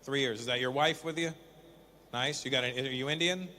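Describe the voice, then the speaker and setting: A middle-aged man doing stand-up, teasing audience members in quick back-and-forth crowd work. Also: medium pitch, bright, forceful tone, a little hiss or hum. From Canada. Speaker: stand-up comedian.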